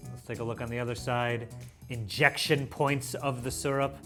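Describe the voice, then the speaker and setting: Excitable man hosting a food show. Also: mid-range voice, normal speed, faint music behind. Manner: playful and excitable, mock-dramatic asides. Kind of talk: casual food review to camera.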